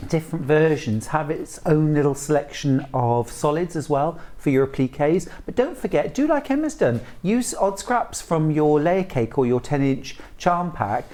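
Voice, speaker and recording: A woman's voice: deep voice, lively intonation, moderate pace, few pauses, mellow. A woman presenting a live craft shopping broadcast, chatty and enthusiastic as she reads out viewer messages. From United Kingdom.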